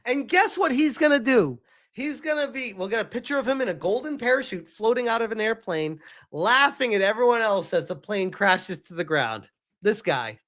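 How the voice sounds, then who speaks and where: A man's voice: sits high, expressive, moderate pace, a bit bright. A man ranting as a gaming streamer on a live stream, heated, exasperated and swearing freely.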